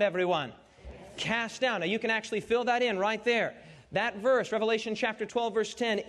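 A man preaching a Bible study sermon, prompting his congregation to call out answers and repeating key phrases for emphasis. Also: sits high.

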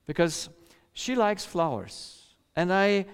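A middle-aged male preacher tells a story from his own life at an unhurried pace. His voice sits fairly high for a man and sounds smooth and clear. The sound carries a long reverb, as in a large hall. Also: expressive. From rural countryside. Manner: storytelling, acts out quoted voices, laughs often. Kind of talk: sermon.

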